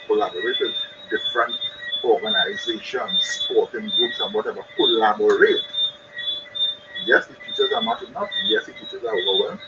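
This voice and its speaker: A man giving an earnest live-streamed talk on parenting. He repeats his key points for emphasis. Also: on the low side. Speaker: speaker on parenting. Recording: dull lo-fi stream with loud noise.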